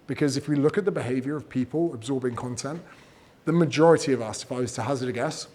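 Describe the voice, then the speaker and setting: A man giving casual, energetic advice on growing an audience, swearing freely and acting out what people say. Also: medium pitch, fast talker, slight background noise. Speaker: fitness and business coach giving creator advice. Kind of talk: casual talk, teaching.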